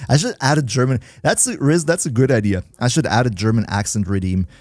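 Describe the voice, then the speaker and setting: A man's voice: mid-range voice, animated, brisk, a little mellow, dry recording, soft background music. Chatty male game streamer, dry sound. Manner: chatty, laughs often, greets and answers chat. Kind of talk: casual livestream gameplay commentary.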